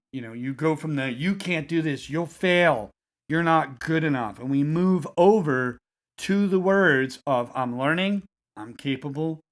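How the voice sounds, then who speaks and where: A man guiding listeners through a self-help technique in a calm, repetitive coaching cadence. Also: mid-range voice. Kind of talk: guided self-help instruction.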